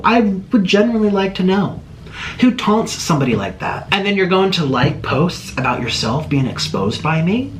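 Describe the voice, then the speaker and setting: Heated man ranting with lively pitch. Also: noisy background. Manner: indignant, rapid rhetorical questions, mocking imitations. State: agitated. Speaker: YouTuber. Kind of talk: heated personal rant to camera.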